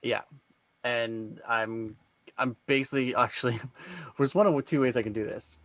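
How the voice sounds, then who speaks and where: A man playing a tabletop game, laid-back and often trailing into a low mutter. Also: fairly even intonation, normal speed, fairly bright tone, dry recording. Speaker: player.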